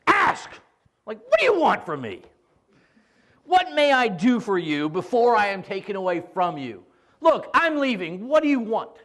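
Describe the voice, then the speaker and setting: A man voicing a blunt, hard-headed old male prophet who barks his lines in a loud, exasperated way. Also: sits high, big pitch swings, normal speed.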